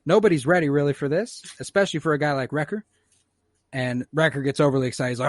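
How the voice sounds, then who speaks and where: A man's voice: fairly high pitch, fast, dry recording, studio quality. A man hosting a podcast, casually recapping an episode in a laid-back, profane way and acting out the characters' lines. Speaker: podcast host.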